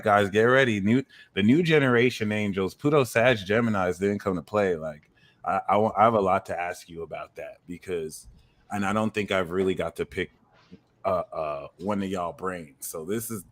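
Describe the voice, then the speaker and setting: Laid-back slangy podcast host, low voice. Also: male voice, moderate pace, no room sound. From United States. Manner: laid-back slangy banter, bursts into high excited outbursts. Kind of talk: casual astrology chat.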